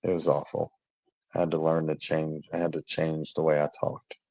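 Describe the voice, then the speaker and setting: A man's voice: rumbling low, flat delivery, normal speed, gravelly, dark tone, no echo. A man from Kentucky with a Southern accent, chatting casually in a laid-back, joking way. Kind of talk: casual chat.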